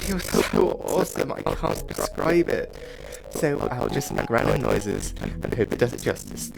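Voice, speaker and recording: A man narrates a fantasy adventure straight to the listener, rambling and playful. His slow, gravelly voice swings widely up and down in pitch. Loud music plays underneath. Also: rough recording. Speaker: narrator and game master. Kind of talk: second-person fantasy narration.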